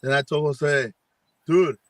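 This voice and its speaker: Male paranormal investigator, slightly high voice, dry video-call sound, rambling storyteller who acts out quotes. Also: moderate pace, no echo. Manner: rambling, acts out quoted dialogue with many fillers. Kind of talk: casual storytelling on a live chat.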